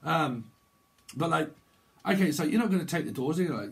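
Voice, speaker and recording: A man with a fairly high voice, talking through a tarot reading on his own. He rambles chattily, slipping into slangy back-and-forth exchanges he plays himself and laughing between thoughts. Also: lively intonation, a little fast, gravelly, pauses often. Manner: chatty, acting out slangy mini-dialogues, laughs often. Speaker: tarot reader.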